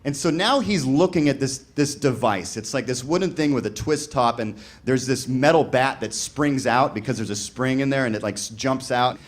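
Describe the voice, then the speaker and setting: A stand-up comedian speaks at a moderate pace and medium pitch, barely pausing, as he tells a long, loose story before a live crowd. He says "like" constantly and acts out other people's lines while laughter rises behind him.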